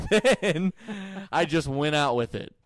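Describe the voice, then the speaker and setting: This podcast host speaks slowly in a fairly high voice, with no room sound on the recording. Working from a small home studio, he keeps things lively, cracking jokes and frequently cutting in during a casual conversation.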